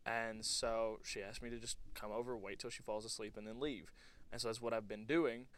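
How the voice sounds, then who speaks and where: A man's voice: fairly low pitch, fairly even intonation, a little fast, fairly bright tone. A young man co-hosting a casual podcast, telling a story in an easygoing, rambling way. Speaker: podcast co-host. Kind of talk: casual chat.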